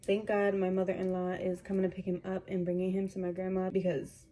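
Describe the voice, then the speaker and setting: A woman's voice: medium pitch, steady tone, moderate pace, warm tone, slight background noise, rough recording. A young adult woman vlogger in casual chat at home, gushing and slangy as she talks straight to her viewers.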